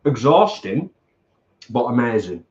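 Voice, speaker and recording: A middle-aged man co-hosting a casual mukbang chat, earnest and deliberate, repeating points for emphasis. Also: medium pitch, very animated, a little mellow. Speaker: co-host. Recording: roomy, slightly dull home recording.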